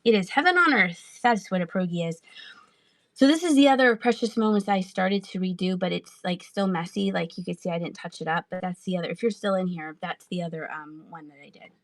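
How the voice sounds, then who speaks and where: A woman hosting a casual live-stream sale, chatty and quick to laugh as she answers the chat. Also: on the low side, no room sound. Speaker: online live-auction seller.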